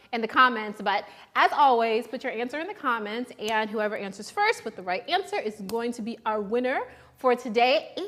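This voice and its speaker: A woman's voice: high voice, a bit bright. A young adult woman hosting a live shopping show, chatting casually and upbeat, often restarting her sentences.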